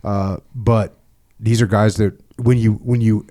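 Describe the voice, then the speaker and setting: A middle-aged male podcast host with a dark, mellow voice. He talks bluntly and with energy in a relaxed conversation, and he laughs easily. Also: lowish voice, measured pace.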